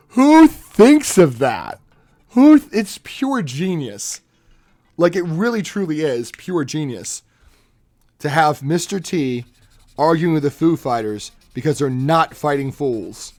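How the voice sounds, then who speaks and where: A young man chatting casually on a live stream, animated, laughing often and slipping into quick impressions. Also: on the high side.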